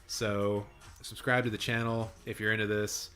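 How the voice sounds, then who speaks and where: Man, low, raspy and hoarse, casual rambling live-stream host, good mic. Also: little pitch movement, normal speed, pushed and bright. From Canada. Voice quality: deep and raspy. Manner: chatty, rambling, with fillers and restarts. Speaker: film channel live streamer. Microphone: good studio mic.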